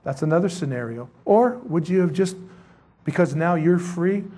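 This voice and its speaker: High-voiced man preaching a dramatic sermon. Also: lively intonation, moderate pace, mellow. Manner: dramatic storytelling, acts out scenes; rises to emphatic high-pitched peaks.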